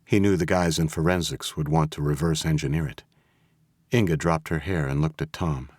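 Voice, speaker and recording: A man narrating a thriller audiobook in a steady, even storytelling manner. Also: extremely low pitch, normal speed, dry recording. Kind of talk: scripted narration. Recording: dry close studio audio.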